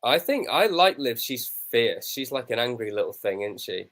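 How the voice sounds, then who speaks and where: A man's voice: medium pitch, big pitch swings, normal speed, fairly bright tone. A man co-hosting a wrestling watch-along, joking cheekily and telling stories. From England. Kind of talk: casual banter.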